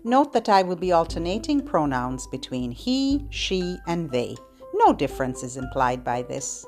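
A woman's voice: low voice, sing-song, unhurried, a little mellow, soft background music. A woman who is a children's librarian, hosting a sing-along lesson for babies in a playful, sing-song way. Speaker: children's librarian and podcast host.

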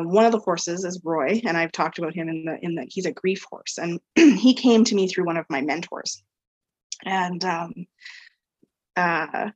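Low-voiced woman telling a rambling story. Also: husky, no room sound, low-quality recording. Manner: rambling storyteller, heavy use of "like" and "um". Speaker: podcast guest, equine therapy practitioner. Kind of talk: casual storytelling interview.

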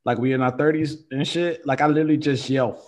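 A man in his thirties chatting casually as a podcast co-host, animated and profane, acting out what people say. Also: mid-range voice, quick pace. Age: 30s. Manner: animated, profane, acts out quoted lines. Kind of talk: casual chat.

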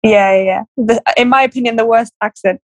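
Husky woman with a Blackpool accent. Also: on the high side, fairly even intonation, fairly quick, no echo, poor audio. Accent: English, Blackpool. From England. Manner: open, chatty, musing. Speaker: podcast guest. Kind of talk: casual conversational interview.

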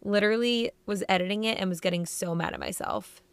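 A woman's voice: mid-range voice, sing-song, smooth, no room sound. A young woman co-hosting a podcast, chatting casually in an upbeat, talkative way. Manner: chatty, upbeat, quick laughs. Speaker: podcast co-host. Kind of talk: casual chat.

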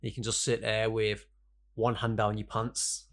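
A man's voice: fairly low pitch, completely flat delivery, a little slow. A young man co-hosting a podcast, chipping in with dry, jokey asides in casual banter. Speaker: podcast co-host.

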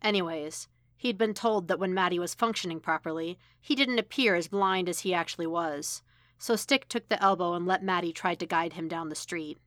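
A woman reading fan fiction aloud as a podfic narrator, measured and even. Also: on the low side, no echo. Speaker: podfic reader. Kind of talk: audiobook-style fiction reading.

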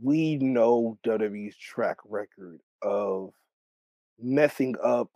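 A man in casual wrestling talk who keeps stumbling and repeating words. His voice is mid-pitched and recorded dry and close. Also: takes it slowly, mellow, dry recording. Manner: stammering, repeats words often. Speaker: wrestling podcast co-host. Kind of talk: casual chat.

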